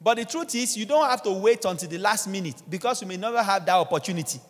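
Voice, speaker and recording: A man's voice: sits high, expressive, quick pace. A man preaching a sermon as pastor in a church, urging his listeners with repeated exhortations. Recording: long church reverb, faint music behind.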